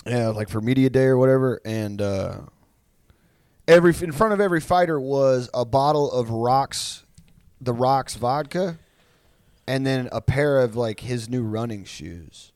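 A man's voice: medium pitch, animated, measured pace, darkish tone, no room sound. A man hosting a podcast in casual chat, rambling storytelling with lots of swearing and restarts. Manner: rambling, profane, many restarts. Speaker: podcast host.

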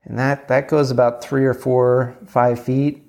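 A man's voice: mid-range voice, little pitch movement, unhurried, darkish tone. A man telling a rambling, candid story in a casual monologue, acting out bits of dialogue and swearing freely.

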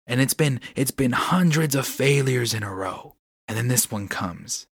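A man's voice: mid-range voice, animated, a little slow, slightly rough, dry recording, studio quality. A man hosting a podcast, talking candidly and earnestly on his own, frustrated but encouraging, often restarting his sentences. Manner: gives inspirational encouragement. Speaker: podcast host. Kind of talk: candid solo podcast monologue.

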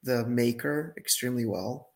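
A man of medium pitch speaks at a moderate pace as a podcast guest, chatting casually about the laser accessory business he owns. He's enthusiastic and tends to repeat words for emphasis.

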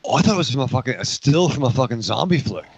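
Male co-host, raspy gravelly voice, wildly varied pitch, wry. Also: sing-song, fast talker, no room sound, dull audio. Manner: wry and joking. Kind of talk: casual podcast banter.

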